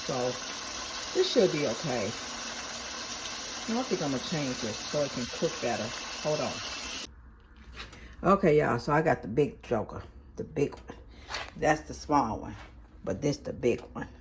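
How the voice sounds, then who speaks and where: This woman's voice is very deep, with lively intonation, and she speaks a little slowly, pausing often. A regular cooking vlogger, she chats casually through her home cooking step by step, while background noise and clattering pots and dishes fill her kitchen.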